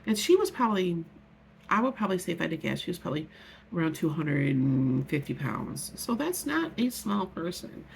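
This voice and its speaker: A middle-aged woman vlogger shares a personal story in an emotional vlog, her lowish, gravelly voice sing-song and fairly quick, with a little hiss or hum on the audio. She's earnest and heartfelt, rambling and often restarting her sentences.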